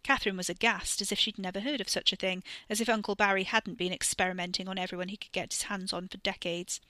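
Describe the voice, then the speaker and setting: Bright-voiced woman narrating a story. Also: medium pitch, steady tone, no echo. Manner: measured, literary storytelling. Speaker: audiobook narrator. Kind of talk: scripted narration.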